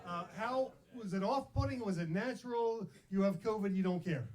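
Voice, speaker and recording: A man's voice: high voice, moderate pace, a little mellow. A male emcee at a live comedy show, upbeat and teasing as he talks to a comedian on a video call.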